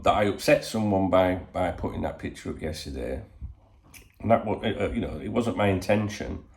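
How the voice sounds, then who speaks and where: A man's voice: on the low side, darkish tone, roomy sound. A man chatting casually to his channel, rambling and swearing freely, full of "you know". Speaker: channel host. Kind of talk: casual chat to camera. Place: home in Spain.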